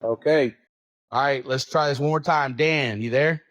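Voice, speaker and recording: A man's voice: medium pitch, moderate pace, fairly bright tone, dry recording. A man co-hosting a poker podcast in casual banter. He is laid-back and slangy and laughs often. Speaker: podcast co-host running the picks.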